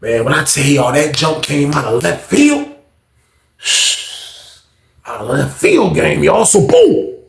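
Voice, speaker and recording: A man telling a story in a casual, animated, slangy and profane way. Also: on the high side, slow, vocal fry, long pauses, echoey room.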